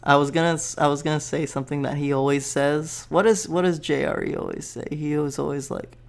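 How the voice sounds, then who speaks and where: Gravelly man rambling in a vlog. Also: a little high, steady tone, a little fast. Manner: rambling, laid-back, profane. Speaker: vlogger. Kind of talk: casual rambling vlog monologue.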